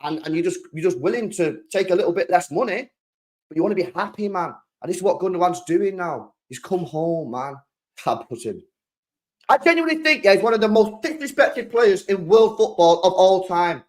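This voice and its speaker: Excitable young British man, high voice. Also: moderate pace. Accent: British English. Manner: excitable, slangy, repeats himself. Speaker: football channel host. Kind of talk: casual live-stream chat.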